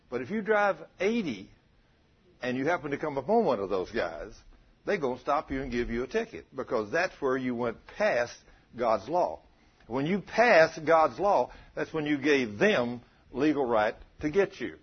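A man's voice: mid-range voice, husky, dull audio. A man preaching a testimony sermon in a folksy, dramatic storytelling way. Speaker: lay preacher.

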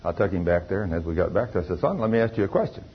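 A man's voice: low voice, lively intonation, rapid-fire. Folksy older man preaching. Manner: folksy, emphatic storytelling. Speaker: lay preacher giving testimony. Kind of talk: testimony sermon. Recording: dull lo-fi recording with faint noise.

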